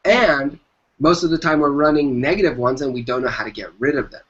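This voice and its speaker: Brisk and a bit bright, this slightly high male voice comes from an entrepreneur guest in an interview. He emphatically hands out motivational business advice, repeating the phrases that matter most. The audio is dull and lo-fi.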